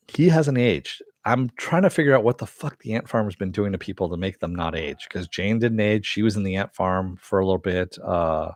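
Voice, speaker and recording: In a low voice, a TV show reviewer casually recaps an episode, retelling scenes in a loose, rambling way and swearing freely. The recording is studio quality with no echo.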